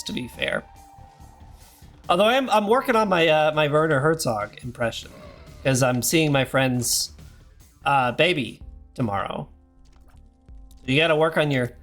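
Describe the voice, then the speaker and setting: Male streamer in his thirties, hoarse, rambly and self-deprecating, slightly high voice. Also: fairly bright tone. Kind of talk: casual gameplay chat.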